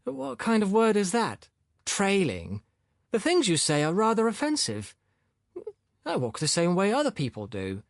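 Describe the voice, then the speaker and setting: A cocky, boorish young lout with a high, bouncing voice that swings up and down, insolent and self-righteous in every line, as a male audiobook reader puts him on. He sounds dry and close, like a storybook character read straight into the mic. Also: wildly swooping pitch, unhurried, vocal fry, no echo, full character voice. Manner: cocky, indignant, sullen.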